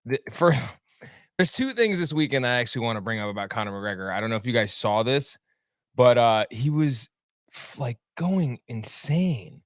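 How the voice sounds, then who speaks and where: A man's voice: mid-range voice, sing-song, moderate pace, no echo, studio quality. A man hosting a sports talk show in a casual, rambling way, cracking sarcastic jokes between fillers. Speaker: podcast host. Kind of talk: casual chat.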